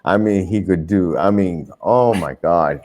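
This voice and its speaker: A man's voice: low-pitched, unhurried, a little mellow, slight background noise. An older man telling a rambling, profane anecdote in an interview, often restarting and swearing freely. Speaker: wrestler telling a story in an interview.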